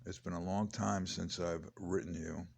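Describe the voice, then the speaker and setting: A man in his late fifties reads his memoir in a very low, gravelly voice. He rambles from one aside to the next with a dry, joking tone, as if chatting at home. His delivery is loose and conversational rather than polished. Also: steady tone, normal speed. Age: 50s. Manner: chatty, digressive, wry asides. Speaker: author reading his memoir.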